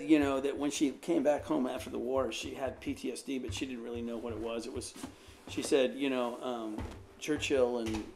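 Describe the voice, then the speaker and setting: A man's voice: mid-range voice, vocal fry. A man, an American pastor, telling a rambling personal anecdote in a casual way, with lots of fillers. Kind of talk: casual storytelling.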